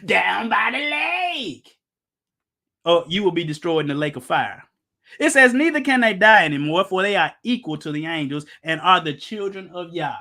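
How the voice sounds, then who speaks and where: A middle-aged male preacher with a notably high voice delivers a loose, conversational Bible-teaching sermon. Animated, fairly quick, and bright with a forceful tone, he's emphatic, pushes listeners with rhetorical questions, and drops jokes along the way.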